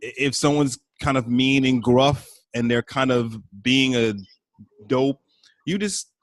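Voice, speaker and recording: A man of middle pitch hosts a podcast conversation and chimes in with upbeat, encouraging advice. His voice sounds dry and close, with no room echo. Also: measured pace. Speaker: podcast host. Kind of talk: conversational interview.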